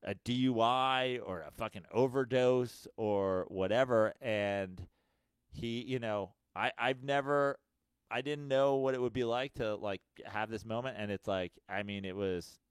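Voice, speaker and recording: A man's voice: lowish voice, measured pace, clear, resonant tone, no echo. A man in his late thirties co-hosting a podcast, talking casually and candidly with frequent swearing. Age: late 30s. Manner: candid, profane, rambling. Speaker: podcast co-host. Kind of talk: casual chat.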